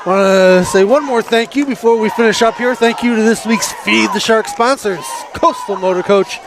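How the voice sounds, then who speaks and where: A man co-commentating a high school football game outdoors, matter-of-fact as he reads sponsors and scores. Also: moderate pace, crowd noise, background noise. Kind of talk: sports commentary.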